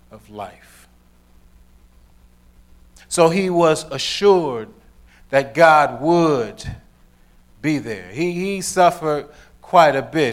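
A middle-aged man preaching a sermon, mixing scripture with joking, repetitive asides. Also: a little high. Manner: storytelling preacher, joking asides, repeats words.

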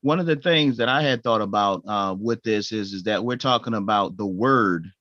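A man's voice: fairly low pitch, normal speed, a bit bright, no room sound. A man in a Bible study group, building his point with preacherly emphasis. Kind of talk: conversational Bible study discussion. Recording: dry, dull lo-fi audio.

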